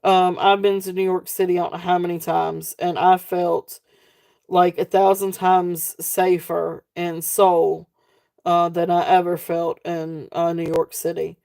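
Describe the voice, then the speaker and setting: A woman with a Southern twang hosts a live jewelry sale in an easygoing, rambling way. Her voice sits a little low and sounds soft and mellow rather than bright. She chats loosely with her viewers, drifting onto tangents and laughing often. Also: little pitch movement, a little slow, gravelly. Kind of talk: casual live-stream selling chat.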